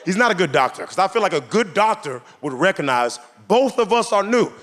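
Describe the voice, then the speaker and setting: A young man performing stand-up comedy before a live audience, his voice sitting a little high and swinging widely as he acts out the people in his stories. The live stage recording carries a faint bed of room noise. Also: very animated, brisk, fairly bright tone.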